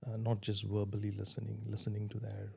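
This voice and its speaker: A man's voice: on the low side, completely flat delivery, fairly quick, gravelly, mellow, slightly rough. A man speaking earnestly in an interview, advising on parenting and restarting his sentences as he thinks. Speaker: parenting guest. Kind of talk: conversational interview answers.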